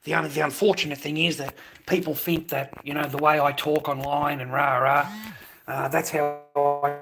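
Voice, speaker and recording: A man's voice: on the high side, flat delivery, brisk, music in the background. An Australian man talking casually to camera, ranting and swearing constantly. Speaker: vlogger selling handmade masks.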